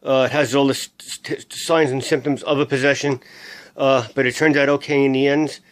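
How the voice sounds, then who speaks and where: Man, channel host, casual sign-off, monotone, halting with fillers. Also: medium pitch. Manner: flat and halting, with many fillers.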